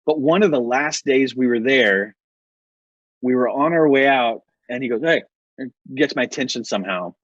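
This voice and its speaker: A man's voice: medium pitch, moderate pace, no echo. American male podcast guest, loose storyteller, laughs a lot, dry dull sound. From United States. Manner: rambling, self-correcting, laughs often. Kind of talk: casual interview storytelling.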